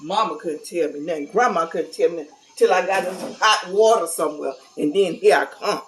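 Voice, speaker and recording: A woman's voice: lowish voice, brisk, slight background noise, rough recording. Blunt woman venting to camera. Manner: candid, blunt, folksy, preachy. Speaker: vlogger. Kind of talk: casual talk to camera.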